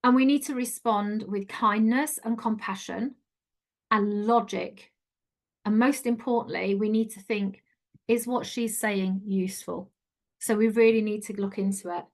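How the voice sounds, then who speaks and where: Middle-aged woman, life coach, earnest and chatty, mid pitch. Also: steady tone, measured pace, darkish tone. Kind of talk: online coaching talk.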